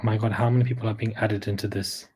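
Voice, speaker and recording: A man hosting a casual livestream, chatting straight to his viewers in a relaxed, murmuring way. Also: fairly low pitch, fast, husky. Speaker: livestream host.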